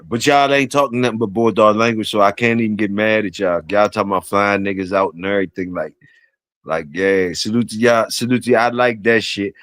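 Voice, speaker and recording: A man's voice: lowish voice, a little fast, fairly bright tone, no room sound. Dry, slangy man hosting a livestream. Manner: slangy, profane, repetitive banter addressing chat and guests. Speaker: livestream host. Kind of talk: casual livestream chat.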